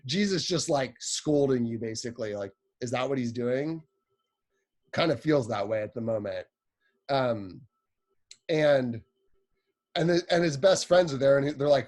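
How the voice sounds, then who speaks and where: A man's voice: mid-range voice, animated, moderate pace, darkish tone. Chatty young-sounding man preaching casually. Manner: chatty, lots of "like", playful storytelling. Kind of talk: casual sermon.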